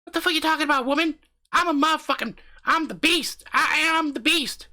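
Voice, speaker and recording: A man voicing a brash, boastful, foul-mouthed husband who talks loud and swaggering, swearing all the time, in an improvised comic story. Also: extremely high pitch, a little fast, pitched above the performer's own voice, full character voice. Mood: cocky.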